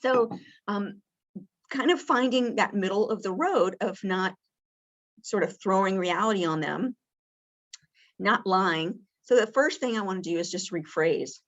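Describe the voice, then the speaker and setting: The sound is lo-fi, and the woman speaking has a mid-range voice, an unhurried pace and long pauses. She's presenting an interactive training session on communication with people with dementia, keeping it casual and warm with lots of fillers. At points she acts out caregiver lines, lifting her voice brightly.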